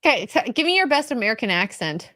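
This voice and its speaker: A woman's voice: a little high, sing-song, fast, sharp tone, dry recording. A woman co-hosting a casual chat, playful and laughing often as she tries out French dish names. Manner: playful, laughs a lot, hams up French menu words. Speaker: podcast co-host.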